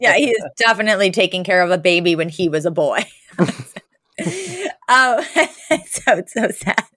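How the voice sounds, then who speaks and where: A woman's voice: fairly low pitch, moderate pace, fairly bright tone, dry recording, clean studio sound. A young woman co-hosting a podcast in casual chat, retelling scenes with lots of laughs and fillers. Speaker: podcast co-host.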